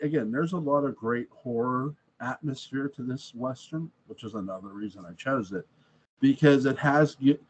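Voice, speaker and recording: A man's voice: mid-range voice, breathy edge. A man in a casual film review chat, rambling through his points with restarts. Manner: rambling, with frequent restarts and laughs. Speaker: movie reviewer. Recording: dull lo-fi sound.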